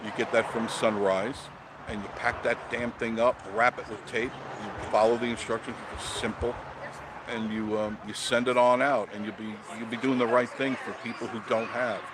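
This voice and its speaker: A man's voice: mid-range voice, little pitch movement, moderate pace, background noise. A man hosting an unscripted live stream, talking bluntly and chattily and greeting viewers by name as he goes.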